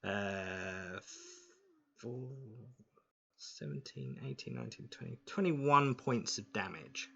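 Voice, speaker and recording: A man narrating a tabletop game as game master, unhurried, with many fillers. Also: lowish voice, wildly swooping pitch, creaky, fairly bright tone, highs cut off.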